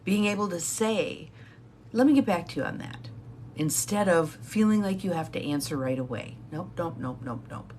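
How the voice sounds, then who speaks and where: Middle-aged woman, lowish voice, very lively up-and-down delivery, repeats herself for emphasis, live coaching chat. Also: normal speed, slight background noise. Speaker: intuitive guidance coach. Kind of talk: live-stream coaching talk.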